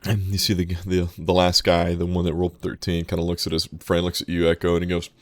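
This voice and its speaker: A man narrating as game master of a tabletop role-playing game, casual and halting, with many fillers. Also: low voice, completely flat delivery, dry recording.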